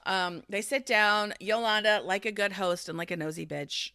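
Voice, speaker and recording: A woman co-hosting a podcast in casual chat, retelling a show with animated storytelling and acted-out quotes. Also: medium pitch, moderate pace, clear, resonant tone, no echo, clean studio sound. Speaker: podcast co-host recapping a reality show.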